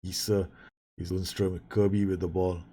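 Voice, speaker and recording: A low-pitched man with a husky, slightly rough voice, commenting casually on a football management game. He talks straight to his players, swears freely and jumps from mutters to excited yells as chances come and go. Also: normal speed. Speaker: gaming YouTuber. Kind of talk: casual Let's Play commentary.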